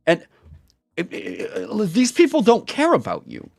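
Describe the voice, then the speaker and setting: A man ranting on his own channel, heated and swearing freely as he hammers each point home. His voice sits a little high and swings widely in pitch. The sound is close and dry, with no room echo. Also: wildly swooping pitch, a little slow, creaky. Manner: heated, profane, emphatic. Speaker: YouTuber and streamer. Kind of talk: angry commentary rant.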